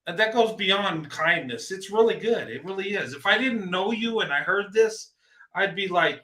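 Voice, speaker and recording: A man with a high, bright voice talks earnestly and encouragingly. He often stumbles and repeats words. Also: expressive, normal speed. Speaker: host. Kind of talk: casual conversation.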